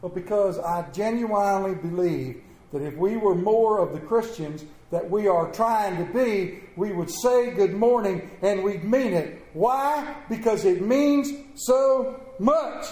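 A middle-aged man preaching a sermon to his church, telling stories in a folksy way with sudden loud bursts. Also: high voice. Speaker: pastor. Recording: echoey church room.

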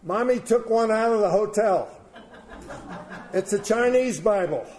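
A man voicing an excited twelve-year-old girl who tells her dad she knows where there is a Bible. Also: high voice, measured pace, voice pushed up. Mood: eager.

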